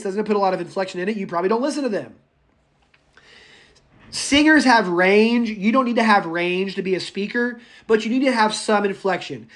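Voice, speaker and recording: A man lecturing his college public speaking class online, animated and joking, drawing single words out slowly for stress. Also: high voice.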